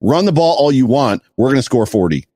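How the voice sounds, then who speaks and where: A man's voice: medium pitch, big pitch swings, fairly quick, dark tone, no echo, studio quality. A man giving his take in a casual sports podcast, emphatic and punchy. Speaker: guest analyst.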